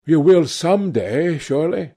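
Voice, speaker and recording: A man's voice: fairly high pitch, lively intonation, unhurried, dark tone, husky, exaggerated voice. A man reading aloud and voicing an earnest, devoted male painter who pleads with his friend. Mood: earnest, pleading.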